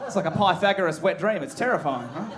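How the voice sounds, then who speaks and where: Aussie guy in his 30s mc'ing a comedy night, fairly high voice, crude and punchy, crowd laughing. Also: animated, fast. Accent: Australian. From Australia. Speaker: comedy show host. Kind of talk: live stand-up comedy. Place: comedy club stage with laughing audience.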